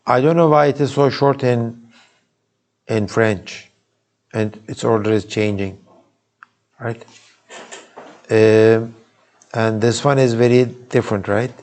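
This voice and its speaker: A man's voice: mid-range voice, fairly even intonation, slow, long pauses, darkish tone. Turkish-accented male lecturer, loose classroom talk. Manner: informal, many restarts and asides to students. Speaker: university lecturer. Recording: recorded live in a lecture hall.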